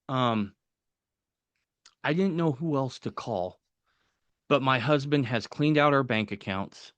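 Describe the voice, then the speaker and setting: A man on a podcast telling a personal story in a casual, animated way, acting out the voices of people he quotes. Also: medium pitch, no echo.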